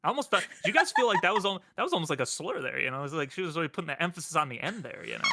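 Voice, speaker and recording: Bright-voiced casual male co-host. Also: a little high, very animated, rapid-fire, no echo, studio quality. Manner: easygoing, musing, with playful mock outrage. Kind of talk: casual chat on a livestream.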